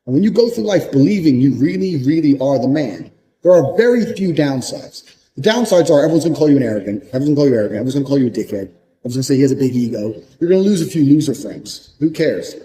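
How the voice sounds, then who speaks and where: A man's voice: mid-range voice, expressive, very fast, dark tone, a little hiss or hum, low-quality recording. A man giving a blunt, profane motivational monologue, hammering points home through repetition. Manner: repeats points for emphasis. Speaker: motivational speaker.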